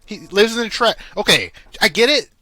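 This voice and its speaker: Man, podcast co-host, casual chat, lively swinging pitch, bright tone, profane. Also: fairly quick. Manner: animated, profane, mocks with put-on quotes.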